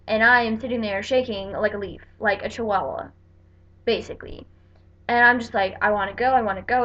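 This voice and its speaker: A young woman from the northeastern United States telling a chatty vlog story, acting out the people she quotes. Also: a little high. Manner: chatty, animated quoting of people. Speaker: vlogger. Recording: dull lo-fi webcam audio.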